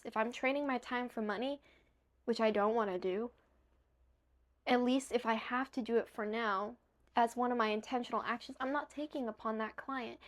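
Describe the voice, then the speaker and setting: A young woman talking straight to the camera, giving earnest, emphatic motivational advice and sometimes correcting herself mid-word; she sounds a little tired. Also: on the high side. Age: young adult.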